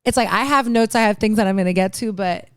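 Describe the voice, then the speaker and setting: A woman hosts her own podcast and talks casually on her own, circling and restarting her thoughts. Her voice is very clear and smooth. The close-miked sound is dry, with no room echo. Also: medium pitch, fast talker, fairly bright tone. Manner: rambling, self-interrupting, emotional and playful. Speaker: podcast host. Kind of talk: casual solo podcast chat.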